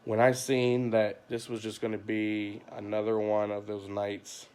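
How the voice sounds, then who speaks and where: A man's voice: on the low side, monotone, measured pace, darkish tone, smooth. A father venting in a rambling, frustrated late-night livestream monologue from home, full of "you know" and "like", recorded on a phone. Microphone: phone camera.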